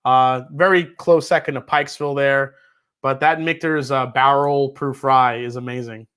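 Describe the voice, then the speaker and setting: A man's voice: mid-range voice, fairly even intonation, normal speed, a bit bright, smooth. A man with a New York accent hosting a casual whiskey livestream, reading out viewer messages and chatting loosely, with casual swearing.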